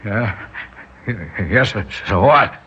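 An actor playing a lonely old shopkeeper who stammers and pleads in fear, in a radio drama. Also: male voice, fairly low pitch, animated, drawn-out words, a little hiss or hum, full character voice. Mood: nervous. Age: older. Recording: dull lo-fi old radio recording with loud music.

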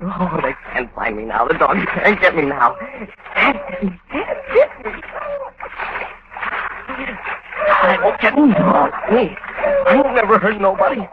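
A frightened, simple-minded fugitive who stammers and pleads as he runs. The voice sits high and pinched in classic radio-drama fashion. The old broadcast sounds muffled, with a steady hiss underneath. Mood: desperate. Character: terrified simple-minded man fleeing a manhunt. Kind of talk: 1940s radio acting.

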